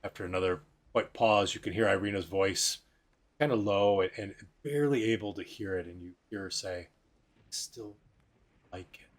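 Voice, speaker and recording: A man's voice: low-pitched, fairly quick. A man narrating a tabletop game as game master, describing scenes in a loose, descriptive way.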